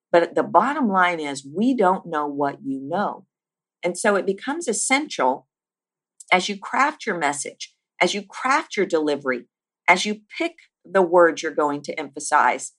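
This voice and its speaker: A woman teaching about speaking as a voice coach. She talks emphatically, stacks lists with rising force and slows down with deliberate pauses on her key points. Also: on the low side. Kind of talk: teaching monologue.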